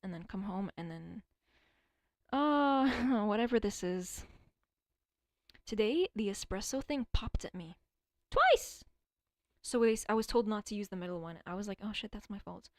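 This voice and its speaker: A woman's voice: mid-range voice, lively intonation, moderate pace, no echo, clean studio sound. A young woman streaming alone, chatting casually and rambling, swearing often and stuttering at times. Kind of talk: casual livestream chat.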